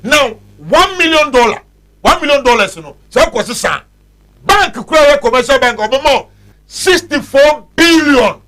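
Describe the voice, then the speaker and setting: A Ghanaian man on a talk show, ranting and agitated, switching between Twi and English. His voice sits very high and leaps up and down in pitch. The tone is bright and forceful. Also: sing-song, a little slow. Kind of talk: heated studio talk show rant.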